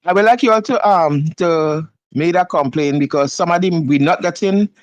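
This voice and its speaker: A man with a slightly raised pitch records a voice note for a radio show. He stays earnest and gropes for his words, and the recording is close and dry. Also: moderate pace, dry recording, lo-fi sound. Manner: earnest complaint, searching for words. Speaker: listener sending a voice note.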